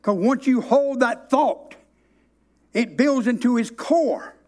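High-voiced preacher, emphatic. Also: male voice, lively intonation, darkish tone. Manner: storytelling, emphatic, with dramatic slow stresses. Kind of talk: sermon.

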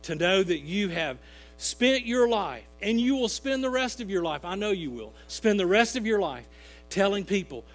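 A man's voice: sits high, lively intonation, soft background music. A man giving an earnest, emotional spoken tribute to a friend and mentor during a church service. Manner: earnest, emotional, slow-building.

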